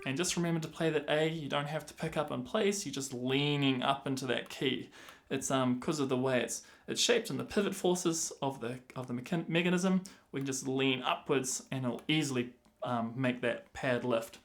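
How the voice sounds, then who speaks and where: A man gives a clarinet lesson in a patient, step-by-step way. His voice sits at a middle pitch, and he counts beats and sings syllables aloud to show the rhythm. Clarinet phrases are heard between his explanations. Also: normal speed. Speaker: clarinet teacher. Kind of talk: instructional explanation.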